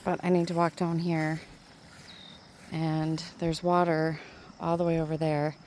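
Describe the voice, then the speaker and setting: A woman with a somewhat low voice talks casually to her viewers while walking outdoors in a quiet valley. Her phone picks her up in the open air, with clear nature noise of water and insects all around. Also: level tone. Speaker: vlogger. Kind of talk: casual nature walk vlog. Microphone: handheld phone camera. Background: rushing water, insects and birds.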